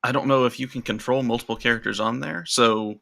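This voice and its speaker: A man being interviewed on a podcast, explaining his work in a measured, step-by-step way. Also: medium pitch, steady tone, creaky, pushed and bright. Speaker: podcast guest, role-play video creator. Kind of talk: casual interview chat.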